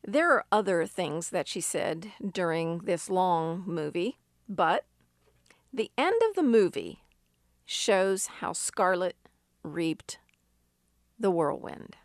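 Slow, deliberate woman preaching. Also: lowish voice, animated, dry recording, studio quality. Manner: unhurried storytelling with emphatic rises. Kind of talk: sermon.

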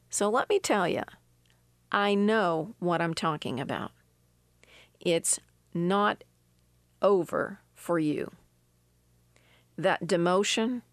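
An older woman reads scripture and shares a personal devotional testimony in an earnest, emphatic manner. Her medium-pitched voice is recorded at studio quality with no echo.

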